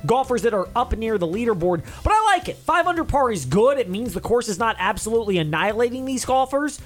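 A man's voice: very high voice, sing-song, fast. A man hosting a sports talk show, chatting casually with rambling asides. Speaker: sports talk radio host.

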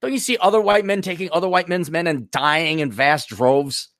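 A man's voice: on the high side, normal speed, fairly bright tone, no echo, studio quality. A man hosting a solo podcast, ranting bluntly and scornfully with a lot of profanity, wandering off on tangents and restarting his sentences. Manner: loose, digressive, with frequent restarts. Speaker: podcast host.

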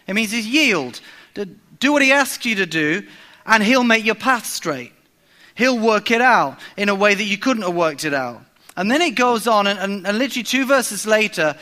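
A man in his forties preaches a sermon in a relaxed, conversational way. His voice is high and clear, and he sounds bright and forceful. He stresses his points by repeating them and often restarts his sentences. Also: moderate pace. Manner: conversational preaching with emphatic repetition and frequent restarts. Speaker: pastor.

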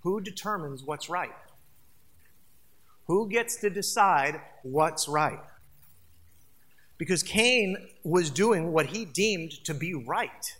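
A pastor preaching a sermon in an animated way, asking the congregation rhetorical questions. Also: medium pitch, slow, long pauses.

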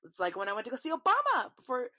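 A woman's voice: sits high, wildly swooping pitch, racing, pushed and bright. A young woman, chatting casually on her podcast, rambling and swearing freely. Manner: rambling, swears freely, talks to listeners as y'all. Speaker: podcast host. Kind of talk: casual solo chat.

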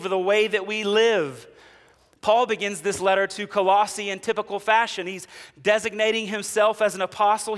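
A man's voice: sits high, fairly bright tone, big-room sound. A man preaching a sermon, telling humorous stories and acting out the people in them before moving into scripture. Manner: humorous storytelling, acts out quoted characters. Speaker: pastor.

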